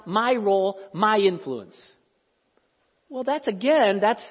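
A man's voice: high-pitched, husky. A man preaching a sermon as pastor, talking in a conversational, storytelling way. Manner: conversational storytelling, acts out quoted voices. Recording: echoey hall, dull lo-fi sound.

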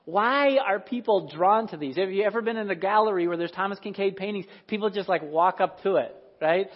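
A man's voice: high voice, breathy edge. A man preaching a sermon as pastor, talking conversationally and asking the congregation questions. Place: church sanctuary. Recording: echoey hall, dull sound.

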